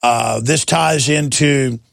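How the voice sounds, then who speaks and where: A man's voice: medium pitch, slow pace, vocal fry, no room sound, studio quality. A man hosting a talk radio show, delivering an emphatic, indignant monologue and calling his listeners "folks".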